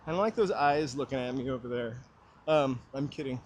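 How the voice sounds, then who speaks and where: A man walks a city street while livestreaming, rambling casually and cracking jokes into a small mic on the brim of his hat. He talks briskly in a medium-pitched, darkish voice over slight background noise.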